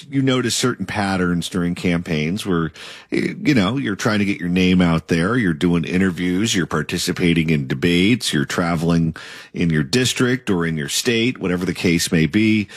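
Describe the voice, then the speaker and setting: A man's voice: low voice, animated, moderate pace, no room sound, clean studio sound. A man interviewing a political candidate and asking long, opinionated questions.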